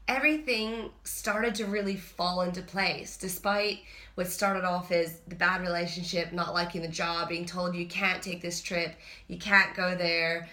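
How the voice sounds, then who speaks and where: A woman's voice: fairly low pitch, pushed and bright. A woman, a personal trainer, telling a personal story in a chatty, candid vlog. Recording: roomy echo.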